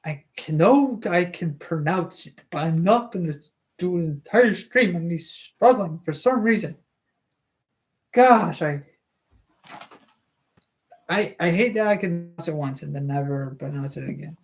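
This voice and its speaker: Slow live stream book reader, trips over big words, keeps correcting and chatting between lines. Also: medium pitch, expressive. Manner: stumbles over hard words and self-corrects aloud. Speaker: streamer reading a novel aloud.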